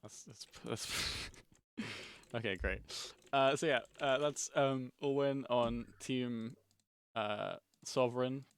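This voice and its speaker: A man co-hosting a casual esports stream, relaxed and a bit hesitant. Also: mid-range voice, slow, clean tone. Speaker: co-host.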